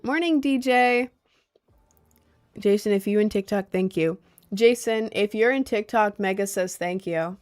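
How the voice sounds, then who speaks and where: Chatty young woman livestreamer. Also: mid-range voice. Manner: chatty, rambling, greeting viewers by name. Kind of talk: casual livestream chat.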